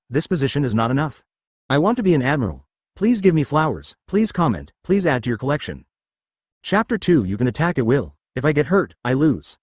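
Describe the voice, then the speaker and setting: Lively-voiced male fanfic narrator, dry. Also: medium pitch, no echo. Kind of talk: reading a fanfic audiobook.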